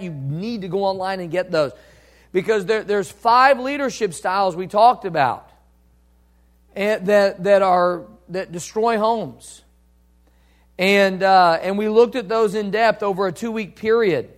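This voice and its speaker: A pastor delivering a sermon in an earnest, plain-spoken way. His voice sits high for a man, and he circles back on his points, repeating phrases and restarting often. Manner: earnest, repetitive, many restarts and fillers.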